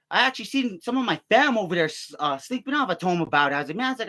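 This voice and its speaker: A man's voice: a little high, lively intonation, fast, bright, forceful tone. A young man ranting casually to his viewers, rambling and swearing heavily, and mimicking other people in raised voices as he tells stories. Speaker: vlogger. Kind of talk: casual rant to camera.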